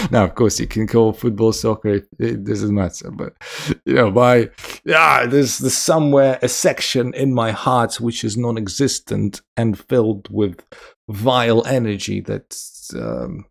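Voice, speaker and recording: A man's voice: fairly low pitch, measured pace, creaky. A man casually chatting on a live stream, reading viewer comments aloud, joking and laughing often. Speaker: chess streamer.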